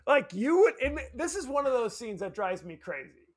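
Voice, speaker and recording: Animated high-voiced man podcast host. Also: moderate pace. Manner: animated, acts out scenes with exaggerated voices. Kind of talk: casual movie chat.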